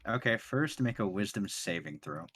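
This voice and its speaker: Male game master, lowish voice, loose rambling narration of a tabletop game. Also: lively intonation, moderate pace, fairly bright tone, slight background noise.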